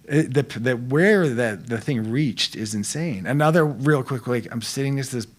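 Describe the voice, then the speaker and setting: A man's voice: medium pitch, lively intonation, normal speed. A middle-aged man telling stories as a podcast guest, in a laid-back, slangy way that rambles with restarts. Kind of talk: casual storytelling chat.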